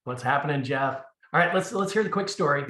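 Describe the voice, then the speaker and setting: A man hosting a coaching call, delivering an energetic pep talk and introducing his guests. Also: fairly high pitch, a little fast, roomy sound. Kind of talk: video call interview.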